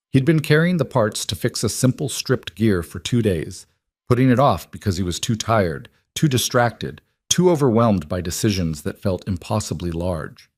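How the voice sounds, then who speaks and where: A man giving steady, measured scripted story narration. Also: lowish voice, no room sound, studio quality.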